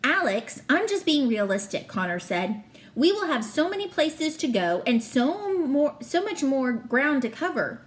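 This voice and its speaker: Anxious young boy voiced by a woman reader, storybook twin, fretful and quick to argue, pitched a touch high. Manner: worried, argumentative.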